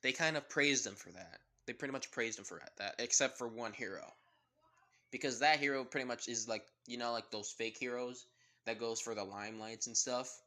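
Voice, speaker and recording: Casual male storyteller, rambling, bright clear tone. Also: mid-range voice, normal speed. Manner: rambling, many fillers. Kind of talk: casual fan-story narration.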